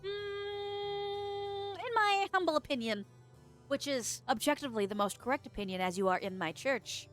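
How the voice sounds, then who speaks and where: A woman's voice: high-pitched, steady tone, moderate pace, faint music behind. A woman chatting casually on a live stream, reading chat, laughing often, swearing and teasing, with a stuffy nose, close to a desk microphone.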